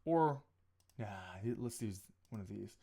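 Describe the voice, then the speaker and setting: A man with a mid-pitched voice chats casually on a live stream as he edits his photos. He thinks aloud, restarts his sentences and drifts into small asides. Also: animated, takes it slowly, vocal fry, dark tone, slightly rough. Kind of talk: casual live-stream talk while editing. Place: home photo studio.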